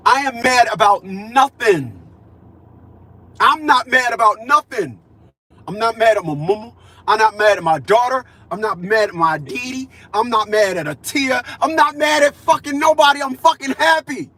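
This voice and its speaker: A man in his fifties delivering a profane, preachy ranting monologue, repeating himself and swinging between loud declarations and low mutters. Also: moderate pace, slight background noise. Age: 50s. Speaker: vlogger.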